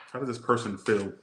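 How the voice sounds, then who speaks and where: A man with a Southern US accent and a mid-range voice gives a casual tarot reading, joking and rambling off into crude asides. The recording is very noisy and echoes around the room.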